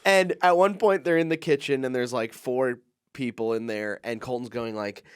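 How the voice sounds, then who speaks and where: A man's voice: moderate pace, clear, resonant tone, no echo, studio quality. A man co-hosting a comedy podcast, telling a story in casual chat and acting out the people in it. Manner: animated storytelling, acts out quoted people with big jumps in pitch. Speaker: podcast co-host.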